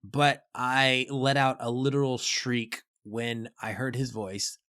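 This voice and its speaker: A man's voice: mid-range voice, level tone, slow pace, bright, forceful tone. A man co-hosting a film podcast, talking casually and enthusiastically. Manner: enthusiastic, conversational. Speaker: podcast co-host. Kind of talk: casual film review chat.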